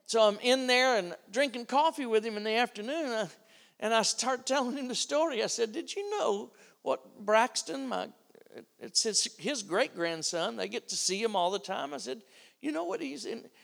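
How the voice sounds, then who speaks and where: A middle-aged preacher with a high, gravelly voice delivers his sermon as an animated storyteller. He acts out the back-and-forth of his story. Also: normal speed. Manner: animated storyteller, acting out dialogue.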